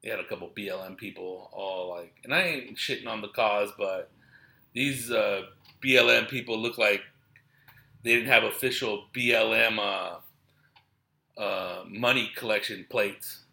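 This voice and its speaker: In a gravelly, lowish voice with a sharp edge, a male comedian keeps a measured pace as he rambles about his shows. His stories are casual and crude, packed with slang and quotes he acts out.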